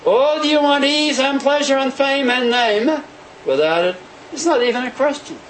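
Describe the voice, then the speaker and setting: A man preaching a sermon in an animated way, often acting out the voices of the people he quotes. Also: very high voice, normal speed, slight background noise, low-quality recording.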